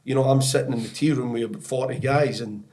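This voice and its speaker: A man's voice: medium pitch, steady tone, fast, a little mellow. A middle-aged Scottish man, a guest on a soccer podcast, telling anecdotes in a rambling way with lots of "you know" and restarts, often breaking into laughter. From Scotland. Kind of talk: storytelling podcast interview.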